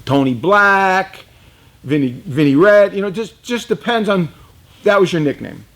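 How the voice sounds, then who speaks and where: A man's voice: high voice, expressive, a little slow, fairly bright tone. A man telling a personal story in a rambling, conversational way, chuckling now and then. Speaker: reptile dealer telling a story. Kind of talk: casual storytelling.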